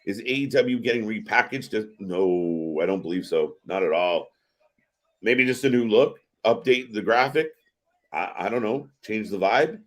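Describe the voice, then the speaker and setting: A man hosting a live wrestling watch-party stream, giving excitable, profane reaction commentary. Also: fairly low pitch, measured pace. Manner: excitable and profane, swearing often.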